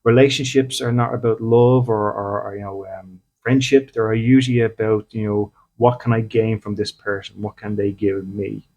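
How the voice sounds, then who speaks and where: A man's voice: lowish voice, steady tone, moderate pace, a little mellow, muffled recording. A man, a spiritual medium, talking casually to his audience and often checking in with "okay?". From Ireland. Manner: conversational, acts out little dialogues, often checks in with "okay?". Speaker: spiritual medium and podcast host.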